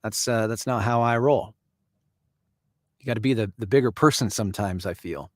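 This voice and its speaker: A man's voice: lowish voice, normal speed, no echo. Chatty man with a dry close voice. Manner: conversational, chuckles often, answers viewers by name. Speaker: live-stream host. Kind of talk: casual live-stream commentary reading viewer comments.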